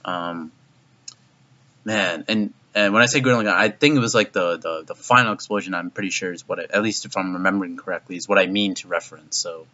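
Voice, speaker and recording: A man's voice: low voice, a little fast, pushed and bright. A man casually reviewing an anime episode, rambling with lots of fillers and swearing. His voice jumps up in disbelief. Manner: rambling and profane, heavy use of "like". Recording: dull lo-fi recording.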